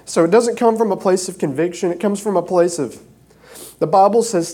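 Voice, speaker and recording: A man's voice: sits high, a little mellow, slightly rough. Emotional, earnest male preacher. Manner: earnest, halting with frequent fillers. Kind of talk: informal sermon. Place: church stage.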